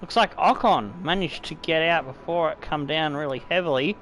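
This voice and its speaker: A man's voice: a little high, moderate pace, a little hiss or hum, rough recording. A man with an Australian accent commentating his own racing game play, swearing and bursting out at rivals. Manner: excitable, swearing, laughing outbursts. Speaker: gaming YouTuber.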